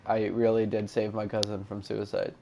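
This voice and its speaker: A man's voice: on the low side, monotone, moderate pace, creaky, crowd noise. A young man hosting a gaming channel, telling a loose, rambling story with fillers and mumbled asides. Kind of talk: casual storytelling over gameplay.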